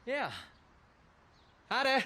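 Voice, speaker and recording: An actor playing a cocky teenage swimmer with a brash, eager manner, in a dubbed anime. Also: male voice, extremely high pitch, very slow, pushed and bright, full character voice. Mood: cheerful. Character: cocky young male swimmer, teenage son.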